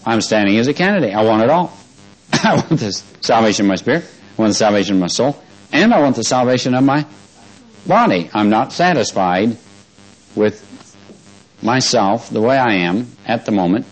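Guy preaching a sermon, chatty, chuckles a lot, mid pitch, leans hard on key words. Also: animated, rough recording. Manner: conversational preaching that swells to emphatic, drawn-out stresses; chuckles often.

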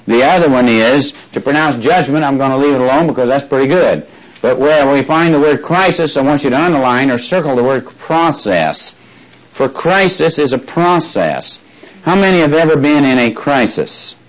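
A man teaching a Bible study as a sermon. He asks the congregation questions and repeats key phrases, slowing down to spell out what words mean. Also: medium pitch, rough recording.

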